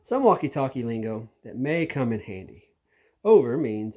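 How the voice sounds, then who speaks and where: Lively man reading aloud. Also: medium pitch, moderate pace. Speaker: narrator, reading to his daughter. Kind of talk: children's book read-aloud.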